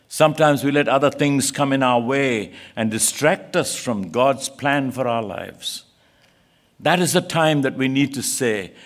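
A man preaching a sermon in a church, earnest and pleading, rising to emphatic peaks. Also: medium pitch.

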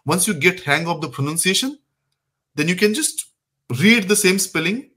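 A man from India, speaking English with an Indian accent, teaches French to an online audience. His voice sits a little high for a man, and he keeps things encouraging as he fires off words for viewers to translate. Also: lively intonation, moderate pace, pushed and bright, breathy edge. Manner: encouraging, drills vocabulary by calling out words. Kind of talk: live online lesson answering viewers.

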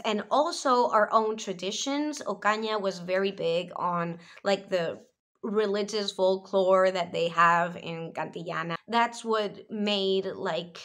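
Bright-voiced Spanish woman chatting. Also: medium pitch. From Spain. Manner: chatty and enthusiastic, many fillers. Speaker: video reviewer. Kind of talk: casual explanatory vlog.

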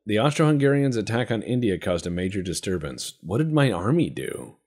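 A man with a deep, slightly husky voice talks over a strategy game. He jokes, swears and rambles off on tangents, and his pitch swings widely as he goes. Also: very animated, a little fast, few pauses, a little mellow. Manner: joking, profane, rambling asides. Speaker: gameplay commentator. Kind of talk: let's-play commentary.

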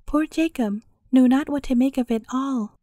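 A woman reading a bedtime fairy tale aloud in calm, scripted storybook narration. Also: high voice, normal speed, no room sound, studio quality.

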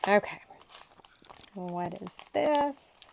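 A woman's voice: mid-range voice, animated, very slow, creaky, noisy background. A woman hosting a crafting channel, chatting casually and gushing to herself as she unboxes paper supplies. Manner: gushing, talks to herself while handling paper.

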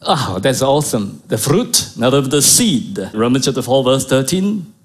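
A man's voice: medium pitch, big pitch swings, a little slow. A middle-aged man preaching a sermon as pastor, emphatic, repeating key phrases and asking the congregation rhetorical questions.

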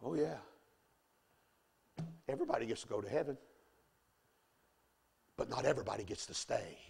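A man preaching a fiery revival sermon in a church, swinging from hushed storytelling to shouting. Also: mid-range voice, lively intonation, moderate pace, vocal fry, a little hiss or hum.

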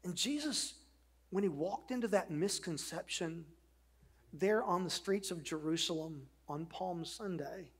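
A man's voice: sits high, lively intonation, measured pace, breathy edge. A middle-aged man who is a pastor, preaching a sermon in an earnest way, with rhetorical questions and conversational asides.

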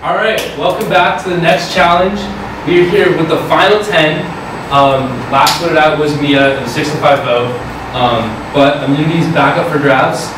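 A young man hosting a campus reality game challenge, explaining the rules in a loose, rambling way full of fillers. His voice sits a touch high and comes from away from the mic, bouncing around a very echoey room with clear noise underneath. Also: far from the mic. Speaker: host.

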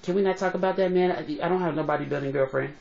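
Brash rapid-talking comic, higher voice, dull phone audio, put on by a man. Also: creaky. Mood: bickering. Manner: rapid, excitable trash talk.

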